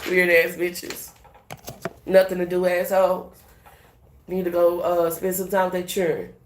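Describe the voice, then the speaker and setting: Cussing woman doing tarot, lowish voice, roomy echo, bit of hiss. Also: measured pace. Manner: profane, animated, laughing, emphatic. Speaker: tarot reader. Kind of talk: casual spiritual reading. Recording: echoey room with faint hiss.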